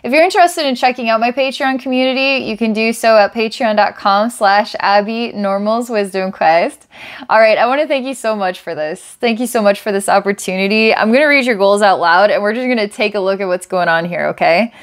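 A woman's voice: mid-range voice, brisk. Enthusiastic woman giving a casual psychic reading. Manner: enthusiastic, laughs often, thinks aloud. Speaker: psychic reader.

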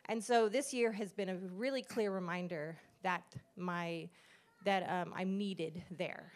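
A woman's voice: on the low side, steady tone, a little slow. A middle-aged woman, a pastor's wife, giving an earnest, conversational testimony at church and acting out the dialogue she quotes.

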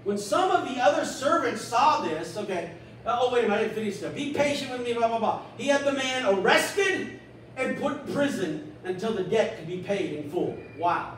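Male pastor, animated sermon delivery, high-pitched voice, echoey church recorded from a distance. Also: normal speed, slight background noise. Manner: animated, acts out a scripture story in little voices.

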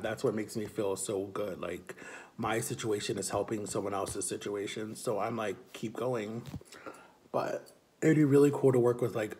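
A man's voice: on the low side, darkish tone. Chatty young man vlogging. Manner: chatty, upbeat, many "like"s. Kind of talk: casual vlog chat.

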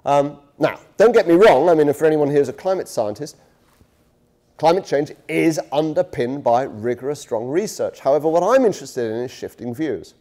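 Here a middle-aged guest lecturer with a warm, fairly high voice and lively intonation gives a public lecture at a university at a moderate pace. He's casual and self-mocking, often restarting and using fillers, and the handheld mic he holds is touchy.

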